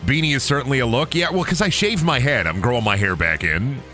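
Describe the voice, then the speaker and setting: Dude streaming a game, bright lively voice jumping up and down, rambly and self-roasting, quiet music under it. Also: male voice, mid-range voice, fast. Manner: self-deprecating, rambling, jokey. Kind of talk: casual gaming stream chat.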